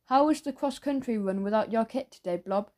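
Woman doing bully twins, taunting, menacing, audiobook, fairly high, mellow. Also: a little fast, natural voice. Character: two hulking bully twins, boy and girl.

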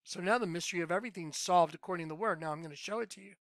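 A man giving an informal Bible teaching, emphatic, quizzing the listener with yes-or-no questions and swinging between loud outbursts and muttered asides. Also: high voice, very fast, dry recording. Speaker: self-styled Bible teacher.

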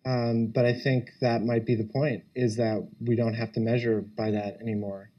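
A man's voice: medium pitch, flat delivery, normal speed, lo-fi sound. A man speaking on a policy panel, earnest, building his points in lists. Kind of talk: panel discussion.

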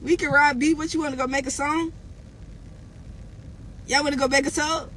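A woman's voice: high-pitched, fairly even intonation, normal speed, a bit bright, a little hiss or hum. A woman rapper ranting angrily on a livestream. She swears constantly and keeps hammering the same insults and phrases. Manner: heated, profane, repeats insults. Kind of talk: angry livestream rant.

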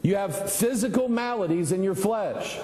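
A man's voice: high-pitched, moderate pace, warm tone, echoey room, in a large hall, slight background noise, poor audio. A middle-aged male pastor, preaching a folksy, conversational sermon full of rhetorical questions.

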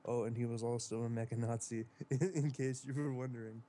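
Flat-voiced man giggling through a reading. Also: mid-range voice, fairly quick, a little hiss or hum. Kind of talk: comedic dramatic reading among friends.

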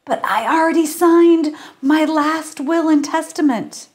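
A woman's voice: high-pitched, measured pace, a little mellow, voice pushed up. A woman reading aloud and voicing a dying older woman who sounds weak and breathless. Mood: confused.

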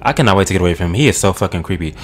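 A man's voice: sits low, expressive, very fast, slight background noise. A young man doing let's play commentary, swearing a lot and talking at the screen. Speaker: gaming channel host. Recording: game music behind the voice. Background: game music.

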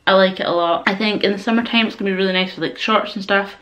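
A woman's voice: mid-range voice, steady tone, quick pace, few pauses, a bit bright, lo-fi sound, a little hiss or hum. A young woman chatting casually through a gym wear haul, rambling and enthusiastic, a little out of breath. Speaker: vlogger.

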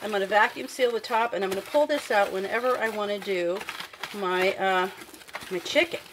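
A woman's voice: medium pitch, moderate pace, background noise. A woman hosting her own cooking channel, chatting in a friendly way as she explains each step of a recipe in her home kitchen. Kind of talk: casual cooking demonstration.

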